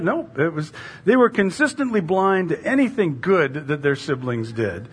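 A middle-aged woman pastor preaching a sermon in a conversational, animated way, full of rhetorical questions. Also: lowish voice, normal speed, breathy edge.

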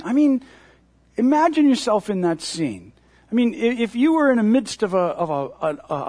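A male pastor delivering a sermon in a high, husky voice that leaps up and down as he acts out voices of a cheering crowd. The sound is dry and close, with no room around it. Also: no echo. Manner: animated, acts out crowd voices with big pitch jumps.

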